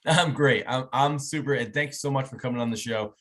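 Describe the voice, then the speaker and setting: A man's voice: mid-range voice, fairly quick, crowd noise. A man hosting an interview show, chatting enthusiastically with frequent restarts. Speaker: host. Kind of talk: interview chat.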